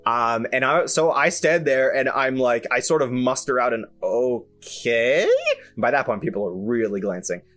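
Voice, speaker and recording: A young man hosting a podcast, telling a story in an animated, self-amused way with lots of fillers and restarts. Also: medium pitch, normal speed, few pauses, faint music behind. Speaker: podcast host. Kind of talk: casual solo storytelling.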